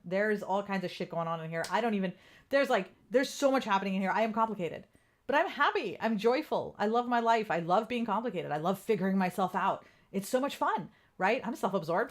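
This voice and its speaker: A woman coach speaks straight to her viewers in an easy, unscripted way. She is candid and lively and swears without a second thought, and her voice sits at an ordinary middle pitch. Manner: candid, animated, swears casually. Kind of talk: casual live-stream talk.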